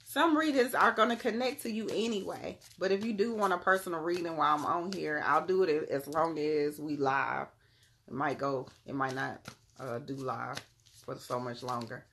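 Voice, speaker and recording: A woman's voice: deep voice, normal speed, creaky, a bit bright, slight background noise. A woman giving a casual tarot reading on a live stream, laid-back and slangy, calling her viewers "beloved".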